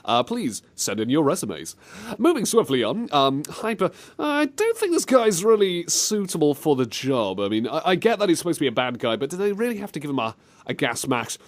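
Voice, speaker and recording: A man's voice: on the high side, brisk. A man co-hosting a comedy gaming podcast, joking around and reacting to clips. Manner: jokey, lively, breaks into silly voices. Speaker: podcast co-host. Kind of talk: comedic game-review chat.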